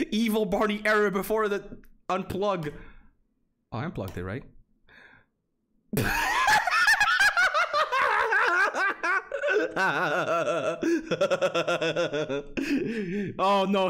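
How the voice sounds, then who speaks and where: A young man streams live gameplay commentary in a voice that sits high with a fairly bright tone. Flustered, he swears as he reads the game text aloud.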